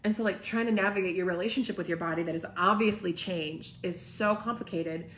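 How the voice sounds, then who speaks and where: A woman's voice: on the low side, fairly quick, fairly bright tone, slight background noise. A young woman hosting a live talk, speaking with passion and emphasis and often asking "right?". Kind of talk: live-streamed casual talk, reading comments.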